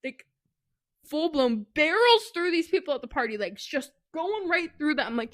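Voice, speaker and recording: A chatty woman with a slightly high voice recaps a book for her co-host. She rambles, drops "like" into nearly every phrase, and slips into quick snippets of the characters' dialogue. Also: big pitch swings, a bit bright, no room sound, clean studio sound. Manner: rambling retelling full of "like", acting out quotes. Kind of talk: casual book recap chat.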